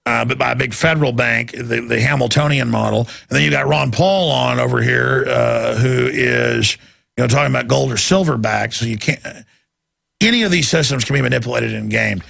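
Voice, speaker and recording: A man's voice: medium pitch, normal speed, vocal fry, a bit bright, dry recording, clean studio sound. A man hosting a talk show, giving emphatic, rambling, impassioned commentary. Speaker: show host.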